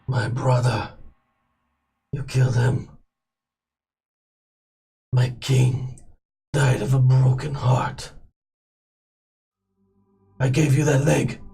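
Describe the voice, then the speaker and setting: A man voicing a vengeful, merciless male warlord in a tabletop game, delivering cold, menacing threats at a slow pace. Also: medium pitch, flat delivery, gravelly, dark tone, heavily acted.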